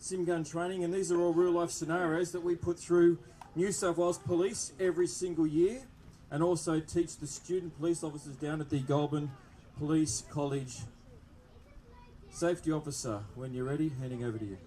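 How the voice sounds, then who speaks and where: Over a loudspeaker microphone at an outdoor police open day, an Australian man presents a demonstration to a live crowd. His pitch is fairly high, his tone steady and his speed normal, and he keeps things jokey and upbeat while chatting with the children.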